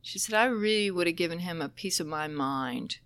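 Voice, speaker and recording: A woman with a slightly low voice tells stories from her work training dementia caregivers. She is lively and openly emotional and laughs often mid-sentence. The sound is dry and close, with no room echo. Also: brisk, clean tone. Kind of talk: conversational storytelling.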